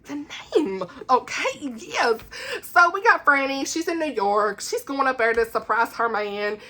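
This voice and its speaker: A woman talks through a book review in a lively, laugh-filled rant. Her voice sits a touch high and rings bright and forceful. She throws in dramatic little asides as she goes. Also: a little slow. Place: home.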